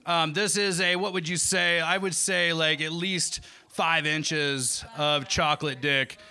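A man's voice: a little high, fairly even intonation, unhurried, bright, forceful tone, smooth. A man hosting a live comedy show, loose and joking with profane banter.

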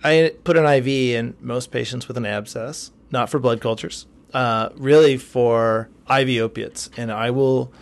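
A man's voice: mid-range voice, steady tone, unhurried, few pauses. A man, an emergency physician, talking frankly about treatment in a casual medical podcast. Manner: frank, matter-of-fact clinical teaching.

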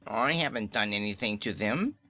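A man's voice: lowish voice, lively intonation, moderate pace, pushed and bright. A man voicing a cowardly, whining male gnome king who pleads and trembles.

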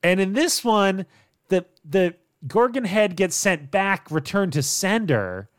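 A man co-hosting a casual podcast, recapping plot in a relaxed way and laughing often. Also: high voice, slow, no room sound, studio quality. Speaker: podcast co-host. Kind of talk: casual chat recapping a TV show.

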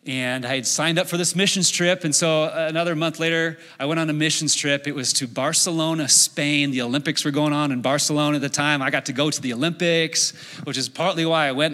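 A middle-aged man preaching a sermon as a pastor, telling a story in an animated way and acting out his own inner voice. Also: on the high side. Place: church sanctuary. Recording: long hall reverb.

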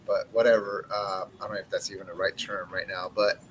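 A man's voice: deep voice, little pitch movement, a little fast, a little hiss or hum, rough recording. A man in his forties who owns a cigar brand, telling blunt, profane stories in a casual interview chat. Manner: blunt, profane, brash storytelling.

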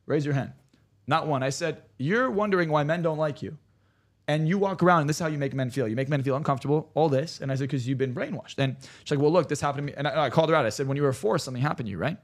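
A man, a hypnotherapist on a podcast, telling stories in a rapid, animated and profane way. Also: on the high side. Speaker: hypnotherapist guest. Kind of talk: casual podcast chat.

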